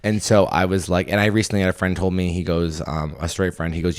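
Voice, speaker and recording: Low-voiced man rambling comedic podcast monologue. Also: fairly quick. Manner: animated, rambling, self-deprecating storytelling. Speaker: podcast host and stand-up comedian.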